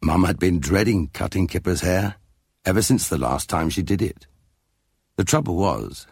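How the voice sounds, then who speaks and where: A man reads a children's storybook aloud in a low, gravelly voice with a touch of huskiness. His pitch moves a lot as he tells the story, and the sound is dry and close to the mic. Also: dry recording. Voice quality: expressive, lively read-aloud manner. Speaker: narrator.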